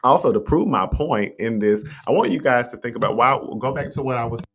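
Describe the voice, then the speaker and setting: A man hosting a motivational livestream talk, speaking conversationally and straight to his listeners, his pitch swinging up on rhetorical questions. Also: lively intonation, a little fast, a bit bright. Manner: conversational and encouraging, addresses listeners directly. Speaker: host. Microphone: streaming setup with a mute button.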